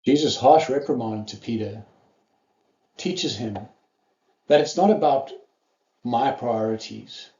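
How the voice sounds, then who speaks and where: A man preaches a sermon, retelling the story earnestly and giving the quoted lines a little voice of their own. His tone is mellow and warm. The recording sounds slightly dull and carries the echo of a roomy church hall. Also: medium pitch, slow, long pauses.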